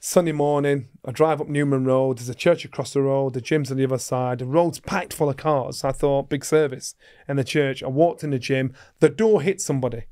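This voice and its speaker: A middle-aged man, a former boxer telling stories as a guest, acting out the voices of others and rising to shouts. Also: mid-range voice, a little fast. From England. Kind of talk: animated storytelling.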